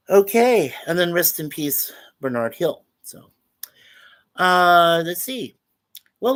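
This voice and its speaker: An older Canadian man hosts a laid-back weekly webcam show from home. He talks loosely and warmly to his viewers, reads out their comments and chuckles often. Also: a little high. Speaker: host. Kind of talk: casual livestream chat.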